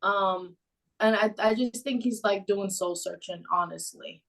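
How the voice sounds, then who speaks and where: A woman co-hosting a casual sports podcast, relaxed as she brings up news items. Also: mid-range voice, unhurried, rough recording. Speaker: podcast co-host.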